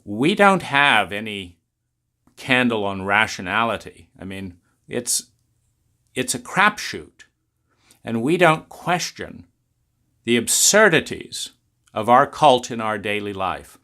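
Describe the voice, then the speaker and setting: A man speaks in a measured, deliberate way, stretching out key words as he builds his argument. His voice is bright and forceful, and he lets the ideas land slowly. He leans on rhetorical questions to drive his points home. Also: lowish voice, big pitch swings. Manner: unhurried, questioning, drawn-out emphasis. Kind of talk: philosophical talk.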